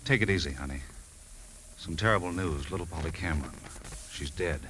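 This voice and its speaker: An actor playing a hearty, brash family friend who handles an estate, talking in a blustery, dismissive way. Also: male voice, rumbling low, fairly quick, fairly bright tone, slight background noise, rough recording.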